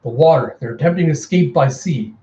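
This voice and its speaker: A man's voice: a little high, brisk, dark tone, echoey room, muffled recording, natural voice. A man voicing an imperious vampire queen. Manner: cold, imperious. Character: commanding, ruthless vampire queen.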